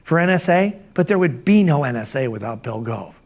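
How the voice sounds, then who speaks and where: A man doing a brisk fatherly old man in his eighties. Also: medium pitch, expressive, darkish tone, pitched below the performer's own voice, natural voice. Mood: emphatic. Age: 80s. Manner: brisk, fatherly, calls listener "son". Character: elderly retired man, brisk then warmly impressed.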